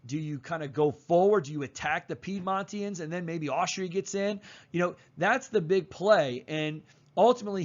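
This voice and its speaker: Chatty male history teacher, slightly high voice. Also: moderate pace, muffled recording. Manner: casual and chatty, with slang and fillers. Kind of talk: casual recorded lecture.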